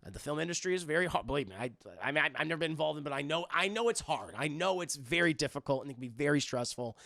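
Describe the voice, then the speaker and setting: A man's voice: fairly high pitch, vocal fry, no echo, studio quality. A man hosting a livestream, chatting casually with his viewers and swearing freely as he goes. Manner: animated, swears freely, quick asides to chat. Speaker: livestream host.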